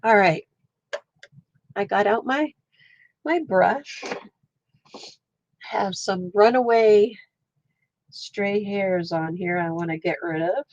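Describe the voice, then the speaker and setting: A woman's voice: mid-range voice, takes it slowly, long pauses, darkish tone, dry recording, lo-fi sound. A woman hosting a casual watercolour livestream, stuffy-nosed, chatting with viewers while she paints. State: stuffy nose. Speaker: livestream host. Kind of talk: casual live art stream.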